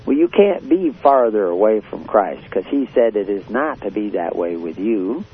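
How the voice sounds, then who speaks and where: A man preaching a blunt, confrontational radio sermon, often pausing with fillers. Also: lowish voice, lively intonation. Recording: tinny phone-like radio line with faint hiss.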